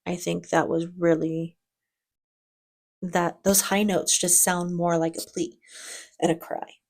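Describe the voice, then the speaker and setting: A woman's voice: on the low side, flat delivery, slow, creaky, darkish tone. A woman hosting a reaction video, giving casual commentary in a chatty, enthusiastic way with frequent restarts.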